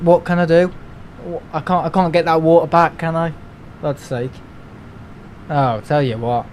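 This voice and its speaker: A man's voice: fairly high pitch, steady tone, moderate pace, long pauses, darkish tone, a little hiss or hum, poor audio. A young man, chatting casually on a live stream, rambling and grumbling as he talks. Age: young adult. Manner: rambling, grumbling, mimics other people in asides.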